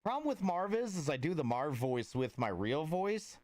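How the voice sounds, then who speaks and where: A man's voice: fairly high pitch, big pitch swings, normal speed, a little mellow, no echo, studio quality. A man chatting casually with viewers on a livestream, rambling with lots of filler words and greeting people by name. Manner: laid-back and friendly, greeting viewers by name.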